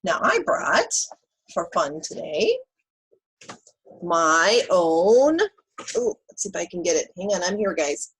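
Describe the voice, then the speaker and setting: A woman teacher reading a picture book aloud to young children, animated and asking them questions. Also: lowish voice, slow, long pauses, husky, low-quality recording. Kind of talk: children's read-aloud lesson.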